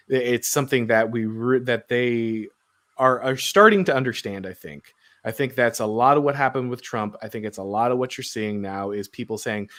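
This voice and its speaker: A man's voice: medium pitch, a bit bright. A man from the United States hosting a podcast, talking through his views in a casual, rambling way, often restarting and tagging his points with "right?". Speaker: podcast host. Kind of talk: casual political discussion.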